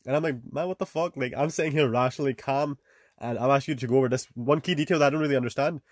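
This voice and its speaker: Talking rapidly and casually, a young man hosts a podcast and hands out advice, peppering it with fillers, curses and "man." His tone stays steady at a medium pitch, and the recording is dry and close-miked, with no room around it.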